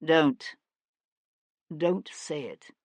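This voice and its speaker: A woman's voice: low-pitched, drawn-out words, no echo, exaggerated voice. A woman voicing a cold, stern young nobleman who speaks in a clipped, threatening way. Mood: earnest.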